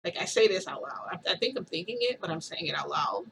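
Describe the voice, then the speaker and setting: A woman's voice: fairly low pitch, animated, fast, creaky, fairly bright tone, a little hiss or hum, rough recording. A woman vlogger casually telling a rambling story to her viewers, full of "like" and side remarks. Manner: rambling, chatty retelling with lots of "like".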